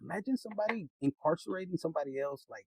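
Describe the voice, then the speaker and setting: A man's voice: on the high side, animated, racing, vocal fry, dark tone, slightly rough, no room sound, low-quality recording. A man giving a rambling, casual tarot reading, laughing often, swearing freely and slipping into Spanish. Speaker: tarot reader.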